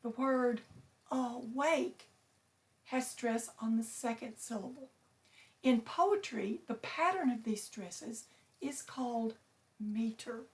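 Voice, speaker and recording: A woman teacher reading a picture book aloud to her students, slow and clear, stressing each syllable. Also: on the high side.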